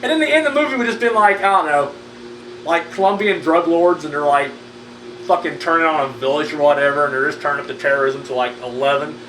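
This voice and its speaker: Talking at a quick pace in a slightly high, somewhat bright voice, a man delivers loose, rambling horror movie news commentary packed with profanity and bluntness. The room echoes, the mic is far off, and a little background noise creeps in.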